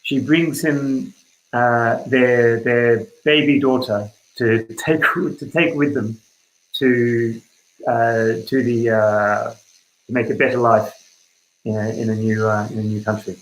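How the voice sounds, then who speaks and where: A man playing a tabletop game, halting and filler-heavy as he works out his ideas. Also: mid-range voice, steady tone, reverberant, rough recording. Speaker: player.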